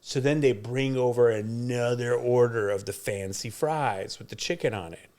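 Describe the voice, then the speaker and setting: A middle-aged man co-hosting a podcast chats casually at normal speed in a medium-pitched, slightly mellow voice. He tells stories and laughs often.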